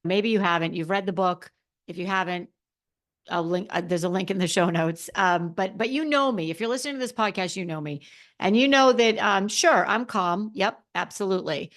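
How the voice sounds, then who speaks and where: A woman's voice: medium pitch, normal speed. A woman hosting a solo podcast as a confidence coach, talking emphatically with lots of repeated phrases and restarts. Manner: self-described extrovert, expressive.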